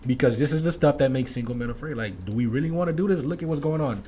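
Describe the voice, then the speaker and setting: A man's voice: medium pitch, fast talker, warm tone, a little hiss or hum. Blunt man giving reaction commentary. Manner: blunt, emphatic, opinionated. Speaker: commentary host.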